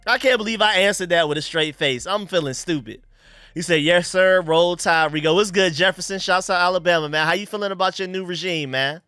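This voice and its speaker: A young man hosting a casual live stream, chatting excitedly and thanking donors. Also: sits high, fairly quick, clean tone, no room sound, soft background music.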